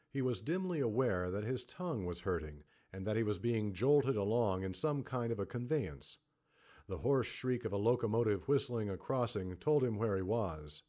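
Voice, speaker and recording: A man reading a novel aloud as an audiobook narrator, measured and dramatic. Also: fairly low pitch, darkish tone. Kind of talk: scripted narration.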